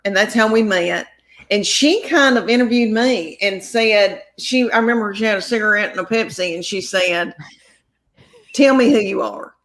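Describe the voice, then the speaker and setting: A woman's voice: mid-range voice, a bit bright. A middle-aged woman, a comedian guest, telling rambling anecdotes in casual chat. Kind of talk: casual storytelling.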